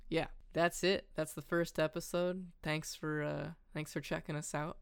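A man's voice: fairly high pitch, level tone, normal speed, creaky, smooth. A young man co-hosting a podcast, chatting casually with lots of fillers and laughter. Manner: laid-back, filler-heavy, laughs often. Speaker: podcast co-host. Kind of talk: casual chat.

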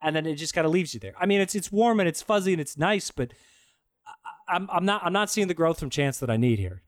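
Higher-pitched guy ranting sarcastic about a bad movie, dry close sound, lots of cursing. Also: lively intonation, fast, no room sound. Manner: sarcastic, profane, rambling. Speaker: podcast co-host. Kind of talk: casual movie review chat.

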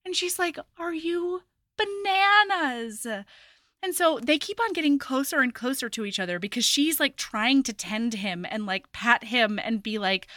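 A woman's voice: fairly high pitch, moderate pace, hardly any pauses, dry recording, studio quality. A woman co-hosting a podcast, retelling a romance novel in casual chat and acting out the characters' lines. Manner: animated storyteller, acting out quotes. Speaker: podcast co-host. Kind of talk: casual book recap chat.

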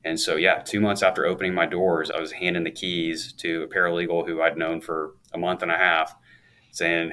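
A man's voice: sits low, little pitch movement, moderate pace, sharp tone. A man in his thirties, a guest on an interview show, telling his story in an upbeat, chatty way with a laugh now and then. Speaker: guest, law firm owner.

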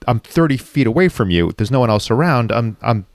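A man's voice: medium pitch, lively intonation, brisk, no room sound, clean studio sound. A man telling a personal story in conversation, raw and reflective, swearing freely as he talks. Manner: raw, reflective, frequently profane.

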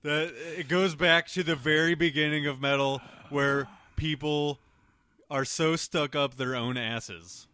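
Male co-host, opinionated and profane, bright and clear timbre. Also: fairly high pitch, fairly even intonation, unhurried, no room sound. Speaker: podcast co-host. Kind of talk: casual chat about metal albums.

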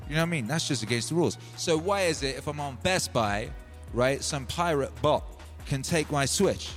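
A man hosting a livestream, telling a rambling comic story in an animated, slangy way and often calling listeners "baby". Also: medium pitch. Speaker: livestream music host.

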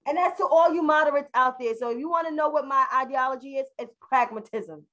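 Woman co-host, high voice, forthright and opinionated, casual panel chat. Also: fast talker, pushed and bright, dull audio. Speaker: podcast co-host.

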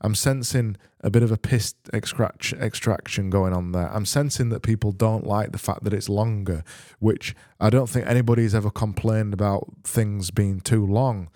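A man's voice: fairly low pitch, steady tone, moderate pace, dark tone, no echo. A British man hosting a casual podcast and reading out listener messages in a dry, mock-serious way with self-mocking asides. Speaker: podcast host.

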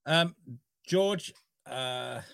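A man's voice: mid-range voice, extremely slow, vocal fry, a bit bright, smooth, no echo, clean studio sound. A man from Wales co-hosting a casual chat, rambling with stumbling restarts and frequent laughter. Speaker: podcast co-host.

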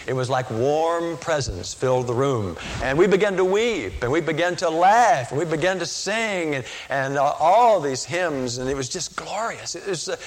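A man's voice: mid-range voice, animated, moderate pace. A man preaching a sermon, telling a story with earnest emotion and acting out the voices of people in it.

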